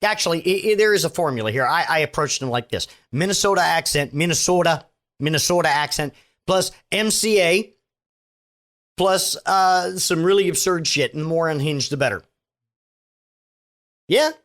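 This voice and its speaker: Offhand, high-voiced podcast host. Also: male voice, animated, normal speed, long pauses, fairly bright tone. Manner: loose, offhand, profane asides. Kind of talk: casual comedic podcast sign-off.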